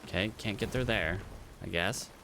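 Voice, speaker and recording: A man's voice: lowish voice, moderate pace, creaky, noisy background. A man casually commenting as he streams a game, chatting to viewers and to creatures on screen.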